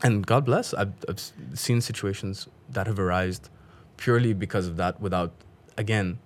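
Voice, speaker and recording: A man with a low voice, a guest on a talk show, telling stories with lively energy. He speaks casually and warmly engages his host. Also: moderate pace. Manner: animated, lively storyteller. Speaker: podcast guest. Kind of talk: casual storytelling.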